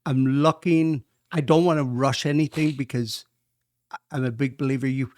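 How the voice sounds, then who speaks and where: Irish guy in his 60s, chatty and upbeat, swears some, mid pitch, close dry mic. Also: fairly even intonation, normal speed, a little mellow, no room sound. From Ireland. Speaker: guest, pub owner. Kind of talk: casual chat.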